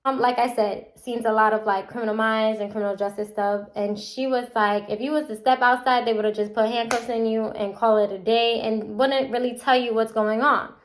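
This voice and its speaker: A young adult woman telling a casual storytime vlog, animated and chatty, acting out the people she quotes. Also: a little high, moderate pace, few pauses. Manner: animated, acts out quotes with a chatty run-on delivery. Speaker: vlogger.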